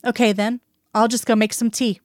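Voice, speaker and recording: A woman voices a composed female FBI agent who stays even and quietly certain under pressure. The recording is close and dry, with no room sound. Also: fairly high pitch, normal speed, dry recording, natural voice. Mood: controlled.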